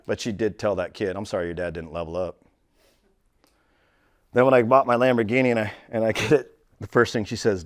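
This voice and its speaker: A middle-aged man giving a casual motivational talk as a real estate coach. He tells stories, swears, says dude, and swings from low confiding to loud and excited. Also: brisk, long pauses.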